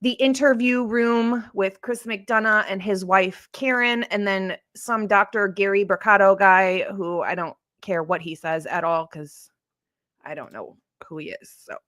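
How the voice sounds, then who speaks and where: A woman with a mid-range, fairly bright voice hosts a casual true crime livestream from a streaming setup, chatting in a rambling way and answering comments from her live chat. The recording is dry with clean studio sound.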